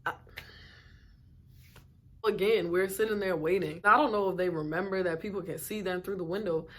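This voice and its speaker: Animated woman telling a storytime tale. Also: on the low side, normal speed. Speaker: vlogger. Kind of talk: storytime narration.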